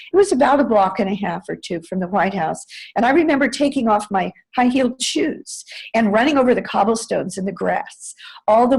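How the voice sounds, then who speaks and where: Older american woman in an interview, rambling story, lots of um and uh, voice neither high nor low. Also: creaky, darkish tone, husky, rough recording. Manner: rambling, frequent fillers and self-corrections. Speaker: interview guest, former White House staffer. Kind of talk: conversational storytelling.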